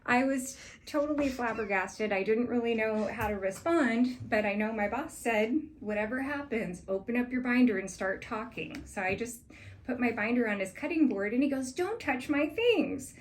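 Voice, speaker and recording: A woman's voice: on the high side, normal speed, a little hiss or hum. Earnest woman telling a sales story. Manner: earnest, grows animated while retelling events. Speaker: sales manager pitching a proposal. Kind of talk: personal story told as a pitch.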